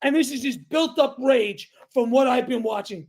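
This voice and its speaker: Guy yelling on a sports podcast, high strained voice, cursing nonstop. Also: expressive, moderate pace, few pauses. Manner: angry, shouting, swearing a lot. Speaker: podcast co-host. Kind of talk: heated sports rant.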